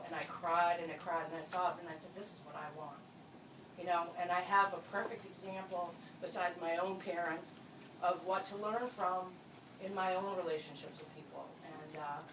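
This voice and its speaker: A woman giving a heartfelt, tearful wedding toast as the bride's best friend, at a reception. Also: fairly low pitch. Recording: distant echoey room with crowd noise.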